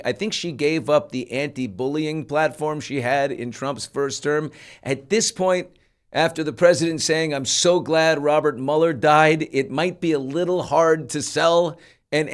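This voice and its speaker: A middle-aged man hosts a podcast in a loose, chatty way. He hedges with fillers and sounds incredulous at the news he is covering, and his voice sits at an ordinary pitch. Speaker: podcast host. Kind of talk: casual commentary.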